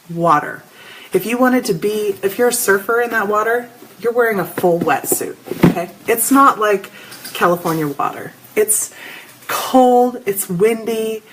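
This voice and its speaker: A woman's voice: on the low side, a little hiss or hum, low-quality recording. A middle-aged woman hosting a spiritual live show, telling stories and chatting casually with viewers she names as she goes. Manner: animated storytelling, addresses viewers by name.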